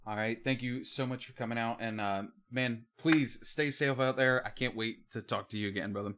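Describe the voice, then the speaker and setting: A man with an ordinary mid-range voice hosts a livestream interview. He reads out viewer questions and chats casually. He often fills pauses with ums and uhs. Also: medium pitch, fairly even intonation, fairly bright tone. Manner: casual, friendly, filler-heavy. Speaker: host.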